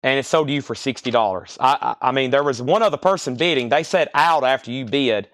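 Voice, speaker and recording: A man running a live online record sale, calling out bids, buyers and prices in a rapid, repetitive patter. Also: mid-range voice, fairly bright tone, no echo, clean studio sound. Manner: rapid-fire, repetitive calls of sales and prices. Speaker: live-stream record seller.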